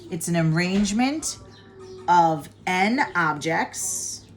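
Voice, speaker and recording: A woman's voice: on the low side, expressive, takes it slowly, soft background music. A woman teaching a college statistics lesson from her home, talking to viewers in a chatty, informal way. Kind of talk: casual recorded math lesson.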